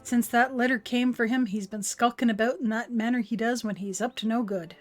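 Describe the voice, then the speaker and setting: A woman's voice: a little high, steady tone, brisk, faint music behind, lightly acted. A woman reading the lines of a stern farm overseer from a video game aloud, in an old-fashioned rustic way. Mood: earnest. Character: stern farm overseer vowing to punish a rogue.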